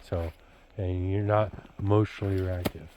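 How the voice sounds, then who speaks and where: A man's voice: low-pitched, steady tone, moderate pace, darkish tone, a little hiss or hum, poor audio. A man talking casually to his son about dating, blunt and preachy, looping back with filler words like "you know" and "dude". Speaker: father giving his son dating advice. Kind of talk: casual rambling vlog talk.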